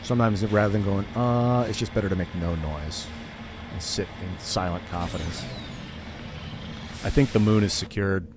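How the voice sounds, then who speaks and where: A young gaming streamer chats casually as he plays, rambling and leaning on fillers and "like" a lot. His voice is low and his pace normal, with a noisy background behind him.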